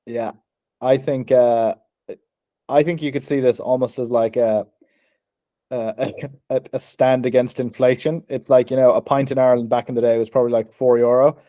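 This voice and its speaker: A young man co-hosting a podcast, talking in a halting, giggly way with many restarts in a casual comedy chat. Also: mid-range voice, level tone, mellow, no room sound. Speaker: podcast co-host.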